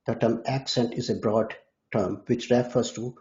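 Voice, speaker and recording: Dark-voiced man lecturing on language. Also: medium pitch, steady tone. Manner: measured lecturing with restarts. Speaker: guest expert. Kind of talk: academic explanation. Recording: dull lo-fi audio.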